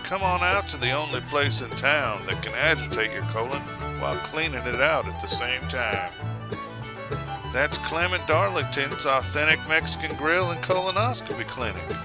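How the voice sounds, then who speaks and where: A man's voice: mid-range voice, lively intonation, normal speed, loud music behind the voice, pitched above the performer's own voice, lightly acted, low-quality recording. A man voicing an overeager male commercial announcer in a hyped-up, salesy delivery.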